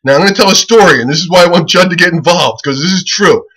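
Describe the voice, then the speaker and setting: Bright-voiced man laughing through a ramble. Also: sits high, fast, poor audio. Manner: keeps laughing at his own jokes; profane, excitable, loose storytelling. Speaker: comedian. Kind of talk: casual rambling monologue pitching a website.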